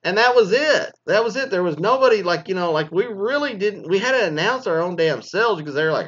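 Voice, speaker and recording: A man's voice: high-pitched, very animated, fast, few pauses, fairly bright tone, highs cut off. A man in his forties, a former teacher, telling a crude story in a casual rant and swearing constantly. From Mesquite, Texas.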